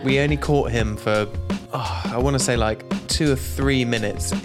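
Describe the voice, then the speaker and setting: A man's voice: mid-range voice, moderate pace, over music. A man co-hosting a comedy podcast with his wife, joking and teasing in casual banter. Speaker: podcast co-host.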